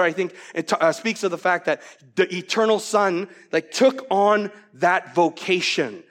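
A male pastor preaching a sermon, animated, swinging from loud outbursts to hushed, quiet lines. He grew up outside the US and became an American citizen. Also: high voice. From from outside the US, naturalized American.

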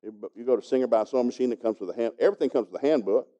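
A man preaching, winding a folksy story into his sermon and chuckling along the way. He talks quickly. His voice is very dark and mellow, at a middle pitch. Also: muffled recording. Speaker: pastor teaching a congregation.

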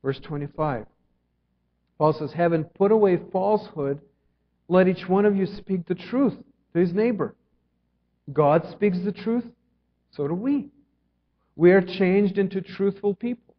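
A man preaching a sermon as pastor, earnest, moving between emphatic lines and hushed ones. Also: high voice, unhurried, long pauses. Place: church sanctuary. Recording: dull sound with long reverb in a hall.

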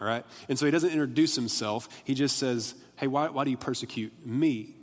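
A man's voice: mid-range voice, brisk, few pauses, faint music behind. Man preaching in a reverberant hall. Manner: conversational, repeats and restarts, acts out voices. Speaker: pastor. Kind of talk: sermon. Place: church worship hall.

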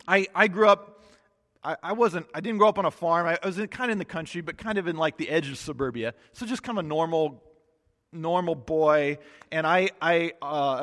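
A pastor with a high voice gives a sermon with Bible reading in a relaxed, chatty way, joking and restarting phrases as he explains scripture. A long reverb makes him sound like he's in a church hall.

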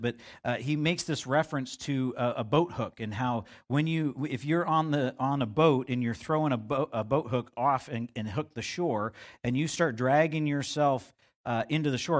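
A middle-aged male pastor giving a conversational sermon, acting out quotes in a livelier voice. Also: normal speed. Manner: conversational preaching, acts out God's voice with rising pitch.

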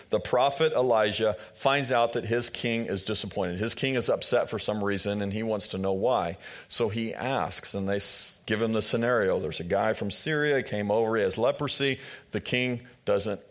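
Man casually retelling a Bible story. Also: lowish voice. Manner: casual retelling with modern sports asides; thinking aloud, frank about not knowing. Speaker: preacher. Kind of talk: sermon storytelling.

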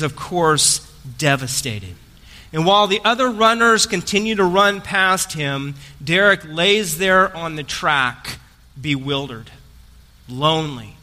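Pastor preaching in a reverberant hall. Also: male voice, on the high side, sharp tone. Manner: storytelling, conversational with joking asides to the congregation. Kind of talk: Easter sermon. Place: church sanctuary.

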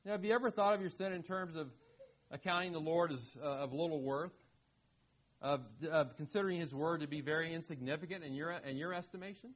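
A man's voice: fairly high pitch, a bit bright. A man preaching a sermon in an earnest manner, asking rhetorical questions and often repeating words as he goes. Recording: dull lo-fi sound.

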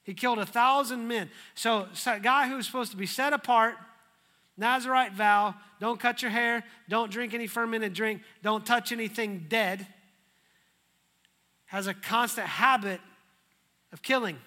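A man preaching a sermon, telling the story in a lively, humorous way. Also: very high-pitched, moderate pace. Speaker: pastor.

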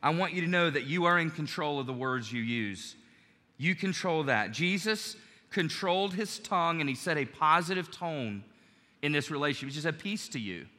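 A man's voice: fairly high pitch, animated, normal speed, bright, forceful tone, long reverb tail. A man preaching a sermon in a conversational way, acting out quoted lines as he goes. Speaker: pastor.

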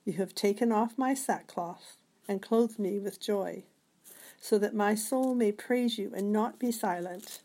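A woman reading scripture passages aloud in a measured way, sometimes stumbling over a word. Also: medium pitch, warm tone. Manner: measured reading with occasional slips. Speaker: scripture reader.

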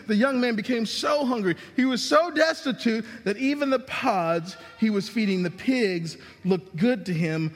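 Man, pastor, sermon, high voice, emphatic dramatic delivery, long reverb. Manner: emphatic preaching with dramatic drops and rises in pitch.

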